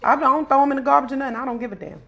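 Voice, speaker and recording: A woman hosting a podcast in casual chat, animated and laughing as she talks to listeners. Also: high-pitched, racing, gravelly. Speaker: podcast host.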